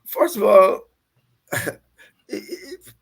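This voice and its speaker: A man in his seventies with a Guyanese accent, a guest recalling old stories in an animated way, repeating words and laughing between phrases. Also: sits high, drawn-out words, vocal fry, breathy edge. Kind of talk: storytelling recollection.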